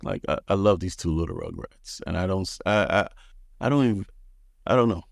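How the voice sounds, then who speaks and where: A man's voice: sits low, animated, brisk, gravelly, no echo, studio quality. A man in his thirties, a podcast guest telling his story in a laid-back, frank way, swearing freely. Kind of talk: casual storytelling.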